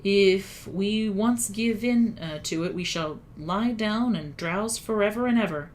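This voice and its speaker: A woman's voice: medium pitch, unhurried, slight background noise, lightly acted. A woman reading a sensible, earnest young girl. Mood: urging.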